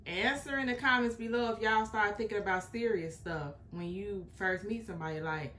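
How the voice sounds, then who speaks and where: A woman's voice: medium pitch, a little fast, fairly bright tone, slight background noise. A woman hosting a reaction video, commenting in a chatty, emphatic way and repeating her points. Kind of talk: casual commentary.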